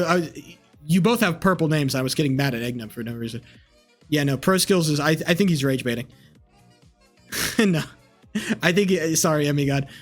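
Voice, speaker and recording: Husky young guy streaming, angry swearing rant at chat, faint music behind. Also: fairly high pitch. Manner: angry, swearing, repetitive ranting. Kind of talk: heated rant to live chat.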